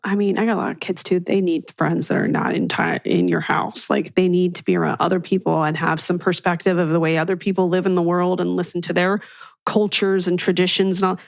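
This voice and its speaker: A middle-aged woman hosting a podcast, chatting casually and telling stories in an animated way. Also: fairly low pitch, fairly quick, gravelly, dry recording. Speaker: podcast host. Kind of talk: casual chat.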